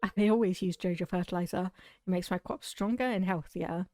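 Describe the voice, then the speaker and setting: A woman's voice: fairly low pitch, fairly quick, mellow, no echo, natural voice. A woman voicing a cheery farmer man with a Scottish accent, reading his game dialogue in a hearty, folksy way.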